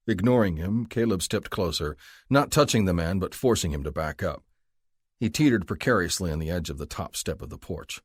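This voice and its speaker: A man narrating a romance audiobook in an expressive, measured reading style. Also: sits low, husky, no echo, studio quality. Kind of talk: scripted narration.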